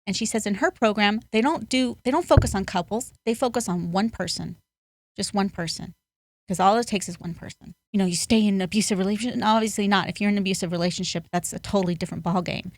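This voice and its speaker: A woman's voice: medium pitch, quick pace, no echo. A woman life coach, a podcast guest, telling a story earnestly. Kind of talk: conversational interview.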